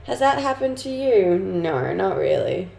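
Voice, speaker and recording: A woman's voice: medium pitch, very animated, unhurried, creaky, darkish tone. A young adult woman streaming live, chatting casually and reading comments aloud with easy laughs. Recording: roomy sound with faint music behind.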